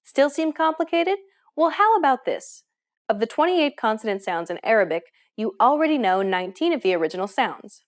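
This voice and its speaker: Upbeat woman explaining with lively pitch. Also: a little fast. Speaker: language lesson host. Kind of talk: scripted lesson narration.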